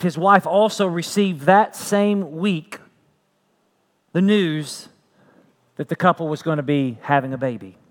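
A man preaching a sermon as pastor, earnest, repeating phrases and building to emphatic peaks. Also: high voice.

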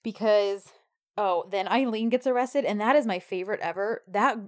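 A woman's voice: mid-range voice, normal speed. A woman in casual chat, recapping a TV episode with enthusiasm and frequent agreeing sounds. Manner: enthusiastic, lots of "uh-huh" and "I love it".

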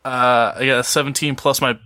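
A man's voice: medium pitch, steady tone, fairly quick, sharp tone. A man playing a tabletop game in casual, joking chat. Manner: laughing, joking. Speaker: player.

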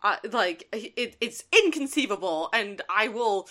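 A woman's voice: mid-range voice, animated, a little slow, sharp tone. A woman voicing an indignant male robot who protests in a huffy way.

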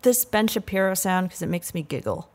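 A woman's voice: on the low side, lively intonation, a little fast, a little mellow. A young woman co-hosting a casual podcast, laid-back and giggly, laughing often. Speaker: podcast co-host.

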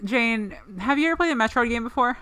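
A woman's voice: a little high, animated, quick pace, bright, forceful tone, smooth, no room sound. A woman co-hosting a podcast in casual chat, rambling with lots of "like" fillers. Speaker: podcast co-host.

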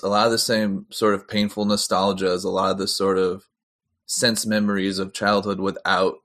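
A man with a low voice talks through film picks in easygoing podcast banter. He weighs his choices thoughtfully, with a joking edge. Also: fairly bright tone. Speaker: podcast co-host. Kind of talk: casual movie discussion.

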